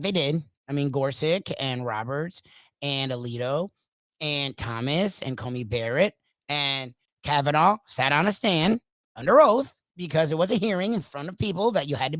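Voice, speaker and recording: A hoarse man hosting a sports talk show alone, ranting emphatically in a loud, opinionated monologue. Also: a little high, no echo, rough recording. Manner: opinionated, swings between loud bursts and quiet asides. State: hoarse from coaching. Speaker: sports radio host.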